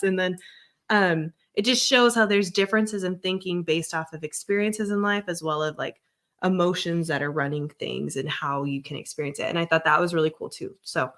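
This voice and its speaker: A woman therapist hosting a podcast, explaining ideas in a lively way with examples. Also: lowish voice. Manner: animated, explains with examples, quick laughs. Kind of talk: casual chat.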